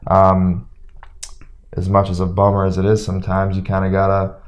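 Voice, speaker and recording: A young man, a former hockey player, telling stories in a relaxed way as an interview guest and acting out what others said. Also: low-pitched, normal speed. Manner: relaxed storyteller who acts out quotes. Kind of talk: casual storytelling interview.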